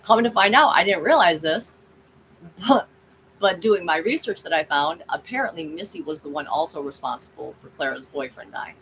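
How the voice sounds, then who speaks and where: A woman's voice: lowish voice, animated, moderate pace, a bit bright, slight background noise, rough recording. A woman hosting her own channel, chatting casually and rambling through a story with frequent asides to viewers. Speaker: channel host.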